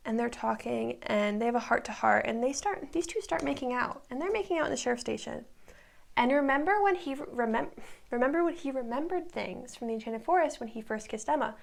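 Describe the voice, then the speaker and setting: Young woman with a gravelly voice. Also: on the high side, lively intonation, a little fast. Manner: rambling, lots of likes and ums. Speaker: recap vlogger. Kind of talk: casual chatty recap.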